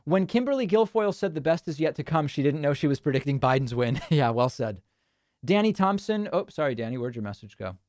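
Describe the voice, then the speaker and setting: A man's voice: on the high side, big pitch swings, brisk, darkish tone, no room sound. A man hosting a livestream, casually commenting and reading viewer chat aloud with wry, dry humor. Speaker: livestream host.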